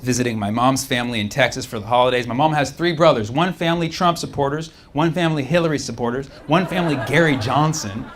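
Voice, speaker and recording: A man doing a stand-up comedy set on a club stage, brash and shouting his punchlines, with swearing. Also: medium pitch, fairly even intonation, fast, hardly any pauses. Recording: live club recording with audience noise.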